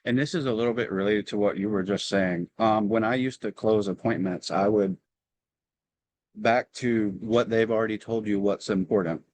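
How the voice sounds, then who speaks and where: A man with a Southern US accent, sharing sales tips in a relaxed, explanatory way at a team meeting over a video call. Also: on the low side, moderate pace, low-quality recording. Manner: relaxed, explanatory, with frequent ums. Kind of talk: casual meeting talk. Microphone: video call microphone.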